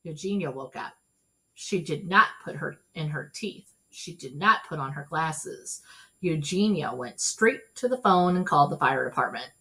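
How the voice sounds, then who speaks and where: A woman reading a children's storybook aloud in an expressive, animated way. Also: low-pitched, normal speed. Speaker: storybook reader.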